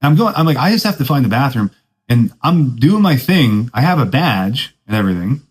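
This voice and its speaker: The recording is rough, and the young male podcast host talks briskly in a mid-range voice with big pitch swings. It's a casual storytelling monologue in surfer slang, heavy on "dude," as he laughs at his own self-mocking anecdotes.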